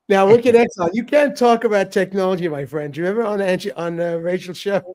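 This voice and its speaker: At a moderate pace, a middle-aged livestream host chats casually and reads viewer comments aloud in a high-sitting, darkish voice. He laughs a lot and keeps tripping over his words, repeating himself as he goes.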